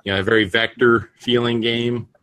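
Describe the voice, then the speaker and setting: A man's voice: mid-range voice, level tone, moderate pace, pushed and bright, no echo. A man hosting a casual podcast chat, rambling with frequent restarts and fillers. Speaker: podcast host.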